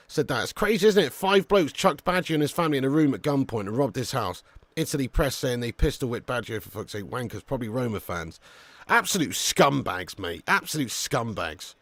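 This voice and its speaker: Chatty football watch-along host. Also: male voice, fairly high pitch, dry recording. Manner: chatty, swears, reads chat aloud, bursts into excited shouting on chances. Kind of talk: casual live-stream chat and commentary.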